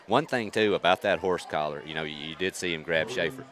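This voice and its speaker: A man, giving chatty color commentary on a high school football game, explaining the rules. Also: fairly quick, a bit bright. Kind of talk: live sports commentary.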